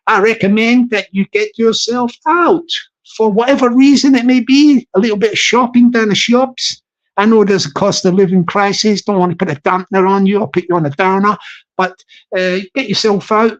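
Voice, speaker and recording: A man's voice: high-pitched, normal speed, highs cut off. A Scottish man live-streaming from his phone, chatting jokily in a put-on American accent and repeating his phrases. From Scotland. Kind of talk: casual live-stream chat.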